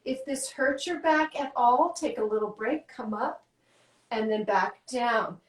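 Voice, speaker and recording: A woman fitness coach guiding a workout with quick, encouraging cues, out of breath. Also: fairly high pitch, echoey room, low-quality recording.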